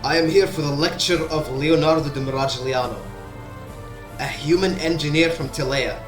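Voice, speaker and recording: Proud cagey dwarf engineer done by a guy, fairly high voice, echoey room. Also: normal speed, over music, close to an everyday voice. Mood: guarded.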